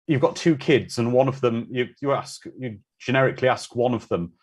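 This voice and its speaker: A man's voice: mid-range voice, brisk. A man hosting a live watch-party commentary, chatting casually and answering viewer comments.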